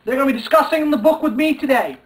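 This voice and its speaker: A man's voice: very high-pitched, fast, a little hiss or hum. A young man hosting a mock talk show, hammy and sarcastic with filler hesitations. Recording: distant mic.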